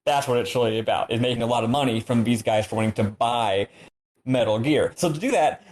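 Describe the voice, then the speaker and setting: A man in the middle of his range, talking through a game story with eager, winding explanations. His voice sits at an ordinary pitch. It comes across as relaxed, casual podcast chat. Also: fairly quick. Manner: enthusiastic, long-winded explaining. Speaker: podcast co-host.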